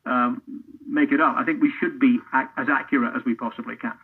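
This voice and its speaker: The audio is tinny, like a phone line, carrying a middle-aged Scottish football commentator being interviewed. His mid-range voice is fairly quick, with fairly even intonation and a breathy edge, and he speaks earnestly and thoughtfully, frequently restarting sentences.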